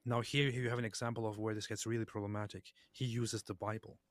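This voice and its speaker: A man's voice: on the low side, flat delivery, fast talker, no room sound. A man co-hosting a reaction show, talking earnestly and emphatically about a clip. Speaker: co-host. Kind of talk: casual reaction commentary.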